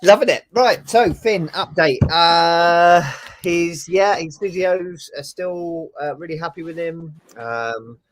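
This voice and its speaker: A man's voice: on the high side, takes it slowly. A man, a police officer co-hosting, chatting casually over a video call in an easygoing, hesitant way with plenty of fillers. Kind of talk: casual chat.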